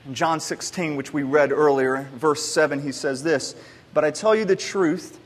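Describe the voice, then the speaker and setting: A man's voice: fairly high pitch, normal speed. A man in his thirties preaching a sermon, telling stories in a loose, conversational way with many restarts. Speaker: pastor. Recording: long hall reverb.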